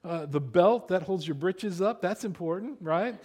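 A man preaching a sermon in a conversational way, sometimes dropping to a hushed voice when retelling stories. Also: high voice, animated, normal speed. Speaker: pastor.

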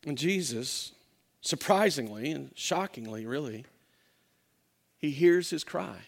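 Male pastor, high-pitched, animated sermon storytelling with frequent restarts. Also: slow pace, gravelly.

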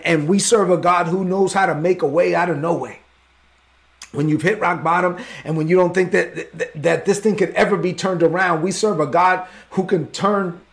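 A man's voice: high-pitched, creaky. A man preaching a sermon as pastor, fervent and openly emotional.

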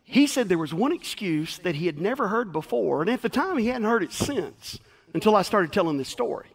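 A male pastor preaching a sermon in a folksy, animated storytelling style. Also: high voice, a little fast. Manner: folksy, animated, acts out quotes.

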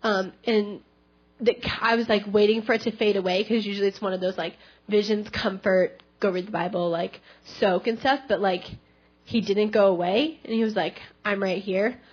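A young woman giving a personal testimony in church, chatty and animated, with many fillers. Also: medium pitch, normal speed, breathy edge. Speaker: church member sharing a testimony. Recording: dull lo-fi church recording.

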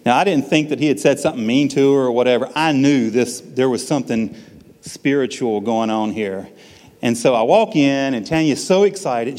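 A man's voice: medium pitch, moderate pace, darkish tone, in a large hall. A man giving a personal testimony at church, telling a story in a folksy, self-deprecating way.

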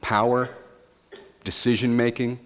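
A male pastor preaching a conversational sermon, telling stories in a relaxed way with frequent fillers and asides. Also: medium pitch, unhurried, in a large hall.

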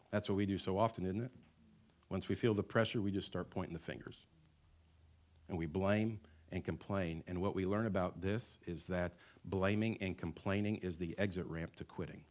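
Middle-aged pastor preaching with joking asides. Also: male voice, low-pitched, a little mellow. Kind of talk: sermon.

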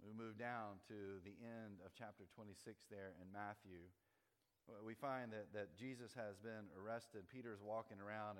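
A man's voice: lowish voice, steady tone. Man preaching in a reverberant hall. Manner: conversational preaching, slowing to stress key words. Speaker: pastor. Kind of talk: sermon.

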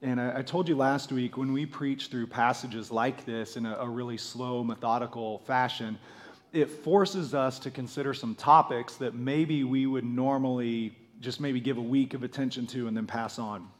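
A man, a pastor, preaching a sermon while nearly losing his voice, keeping his delivery low and mellow. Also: fairly even intonation, normal speed.

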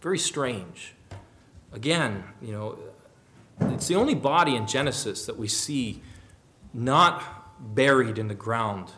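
A man preaching a sermon, rising to loud emphatic questions and then dropping to quiet, low musing. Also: lively intonation, unhurried, a little hiss or hum. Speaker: pastor.

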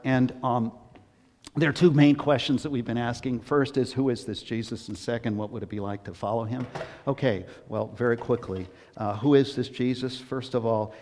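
A male pastor giving a conversational sermon that swings between hushed asides and emphatic bursts. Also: mid-range voice, in a large hall.

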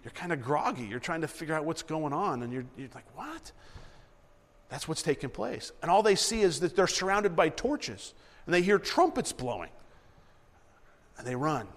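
A man preaching and reading Bible verses aloud, animated and repeating himself as he acts out the story. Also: fairly high pitch, normal speed, long reverb tail. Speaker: preacher teaching a Bible passage.

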